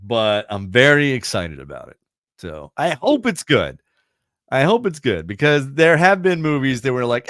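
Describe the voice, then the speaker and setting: His medium-pitched voice swoops wildly as a man in his fifties hosts a radio show at a moderate pace, sounding a bit bright in clean studio audio with no room sound. He spins rambling, self-deprecating stories in casual chat and laughs easily.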